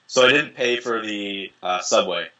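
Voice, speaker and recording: Bright-voiced young man telling stories. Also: on the low side, normal speed, poor audio. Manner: animated, profane, acts out quoted voices. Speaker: interview guest, dating coach. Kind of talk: casual storytelling.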